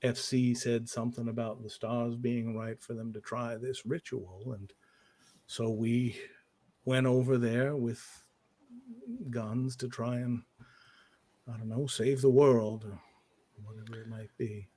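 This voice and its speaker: A man playing a guilt-ridden occult investigator in a tabletop game, telling his story in halting, hesitant bits. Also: mid-range voice, little pitch movement, warm tone, natural voice. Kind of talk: in-character tabletop role-play.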